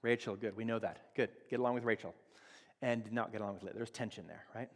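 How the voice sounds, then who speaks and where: A man's voice: lowish voice, fast. Man teaching in a reverberant church. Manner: conversational teaching, acts out quoted dialogue. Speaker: church speaker. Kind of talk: sermon on relationships. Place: church sanctuary. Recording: long reverb of a church hall.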